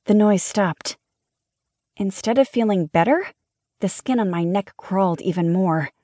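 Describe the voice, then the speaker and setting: A woman's voice: medium pitch, unhurried, warm tone, no room sound, clean studio sound. Wry woman narrating a cozy mystery. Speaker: audiobook narrator. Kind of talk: first-person mystery audiobook narration.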